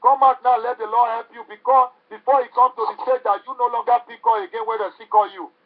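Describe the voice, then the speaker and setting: A man's voice: very high voice, little pitch movement, fast. A man preaching a sermon with fervent, repetitive exhortation. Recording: tinny phone-like recording.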